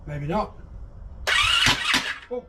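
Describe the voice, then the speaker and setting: A man's voice: extremely slow, noisy background. An Australian man in a casual, matey vlog, talking straight to his viewers while working on a motorbike. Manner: chatty, matey, addresses viewers directly. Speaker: vlogger.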